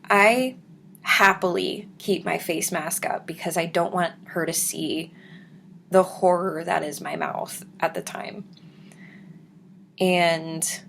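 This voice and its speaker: Young woman vlogger, earnest storyteller, slow and gravelly. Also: on the low side, slight background noise. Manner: earnest, emotional, soft-spoken. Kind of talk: casual storytelling to camera.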